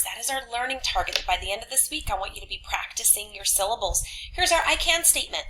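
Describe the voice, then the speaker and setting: Woman teacher talking to third graders, upbeat and clear, bright highish voice, bit of hiss behind. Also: rough recording. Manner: upbeat, speaks slowly and clearly to children. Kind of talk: online class lesson video.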